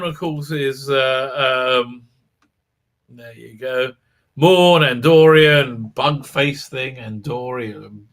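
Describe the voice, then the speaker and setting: A man's voice: medium pitch, a bit bright. A man hosting a live stream, recapping a show in a sarcastic, mocking way with frequent laughs.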